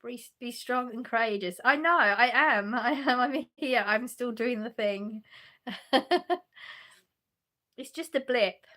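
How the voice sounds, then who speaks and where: A woman's voice: on the high side, takes it slowly, sharp tone. A woman, chatting casually on a livestream from her sofa at home, reading out and answering viewers' messages with frequent laughs and restarts. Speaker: livestream host reading chat.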